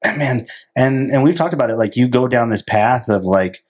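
Male podcast co-host, mid-range voice, animated and quick to laugh while telling a story in casual talk. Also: medium pitch.

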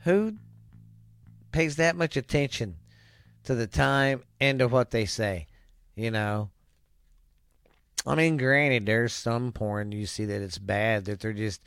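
A man's voice: on the low side, measured pace, long pauses, smooth, no room sound, studio quality. A man hosting a vlog, reading viewer comments aloud with crude jokes and rambling asides.

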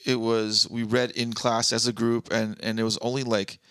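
Gravelly-voiced man hosting a podcast. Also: mid-range voice, level tone, fairly bright tone, dry recording. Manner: reads aloud from notes, bursts of quick asides. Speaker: podcast co-host. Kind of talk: casual comedy podcast chat. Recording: dry close-miked podcast audio.

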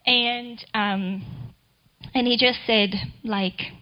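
A woman's voice: fairly high pitch, fairly even intonation, slow pace, lo-fi sound. A middle-aged woman giving a church talk, telling a personal story in a chatty way before reading scripture.

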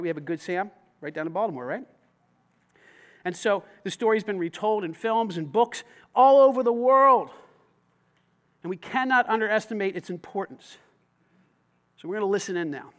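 A man preaching a sermon to a congregation in a church, animated and conversational with casual slang. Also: sits high. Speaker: pastor.

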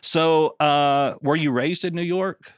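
A man's voice: fairly high pitch, fairly even intonation, takes it slowly, clean tone, no room sound, clean studio sound. A man in his thirties with a Southern US accent, hosting a casual interview and telling easygoing stories with acted-out dialogue. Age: 30s. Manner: easygoing storyteller who acts out quoted dialogue. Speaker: podcast host.

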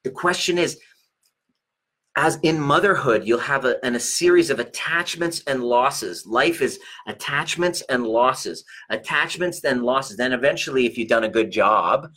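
A man's voice: mid-range voice, lively intonation, measured pace, bright, forceful tone. A middle-aged man coaching viewers in a casual, profane monologue, laughing often. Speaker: relationship coach and chiropractor.

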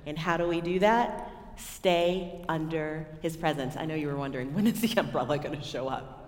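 A woman with a Texan accent preaching a sermon to a women's gathering, telling stories and swinging between loud and hushed moments. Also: lowish voice, fairly even intonation, normal speed. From Texas. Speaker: women's ministry speaker. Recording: echoey hall with long reverb.

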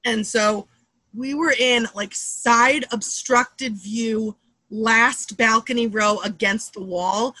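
A woman in her thirties from the Boston area, a comedian guest telling quick, animated stories and acting out what people said. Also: on the high side, dry recording. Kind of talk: casual storytelling chat.

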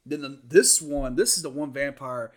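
A man in a casual chat, excitedly retelling movie scenes and acting out the lines. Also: mid-range voice, moderate pace. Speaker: movie reviewer.

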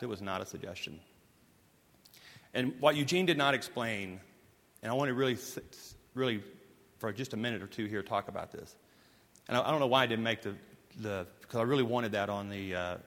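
A man preaching a sermon as pastor, telling stories emphatically and moving between forceful lines and hushed ones. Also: mid-range voice. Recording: long hall reverb.

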